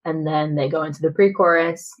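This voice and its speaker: A woman's voice: low-pitched, fairly even intonation, a little fast, dull audio. A woman co-hosting a podcast, chatting casually about song lyrics. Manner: chatty, paraphrases lyrics with dramatic read-outs. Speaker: podcast co-host.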